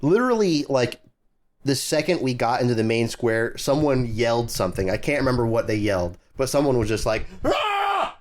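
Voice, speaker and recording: A man's voice: medium pitch, animated, brisk. A man co-hosting a podcast, chatting casually with dry, wry asides. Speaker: podcast co-host. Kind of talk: casual chat.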